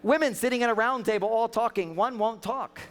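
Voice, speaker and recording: A man delivers a relationship seminar to a live audience, joking and animated as he tells his stories. His voice sits very high for a man. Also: brisk. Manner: joking, animated storytelling with acted quotes. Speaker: relationship speaker and counselor.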